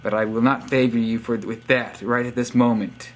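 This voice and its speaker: In a level, medium-pitched voice at normal speed, a young man reads out his subscribers' profiles as a vlogger doing shoutouts. His casual monologue is sarcastic and teasing, with wry comments slipped in, and there's a slight hiss or hum in the background.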